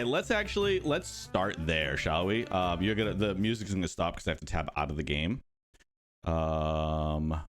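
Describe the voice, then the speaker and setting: A man's voice: mid-range voice, a bit bright. A man in his thirties hosting a casual livestream, playful and chatty, greeting viewers by name and rambling off on asides. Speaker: livestream host for a game studio.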